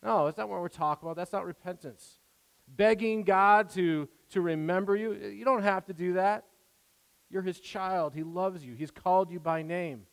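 Preacher with a high-ish voice in a reverberant hall. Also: male voice, normal speed, vocal fry. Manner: earnest, conversational preaching with restarts and acted-out quotes. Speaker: pastor. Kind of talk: sermon.

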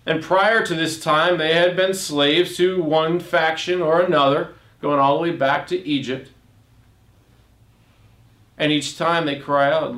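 A man with a fairly high voice preaches a sermon, reading scripture and commenting on it as he goes. His pitch climbs on his rhetorical questions, and he often restarts mid-phrase while he explains. The room gives his voice a noticeable echo. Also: steady tone, unhurried, a bit bright.

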